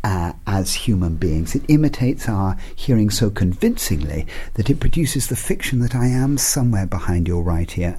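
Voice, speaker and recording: A British man with a slightly low, husky voice that rises and falls a great deal. He is an interview guest who explains audio drama in a playful, theatrical way, with plenty of animated emphasis. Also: normal speed. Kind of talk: interview guest, demonstrating sound.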